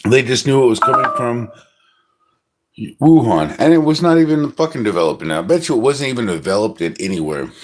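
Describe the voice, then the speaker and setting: A middle-aged man ranting profanely on a livestream, agitated and scoffing. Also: lowish voice. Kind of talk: ranting monologue.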